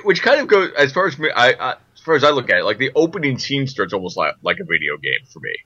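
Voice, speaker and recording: Lively, bright-voiced man on a dull, lo-fi line. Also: mid-range voice, quick pace. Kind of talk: casual movie-discussion chat. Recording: dull lo-fi sound.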